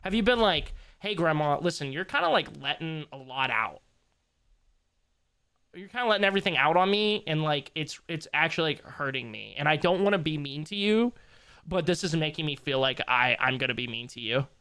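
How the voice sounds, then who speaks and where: A man's voice: a little high, animated, fairly quick, bright, forceful tone, smooth. A young man livestreaming, chatting casually with his viewers in a loose, joking, slangy way and laughing easily.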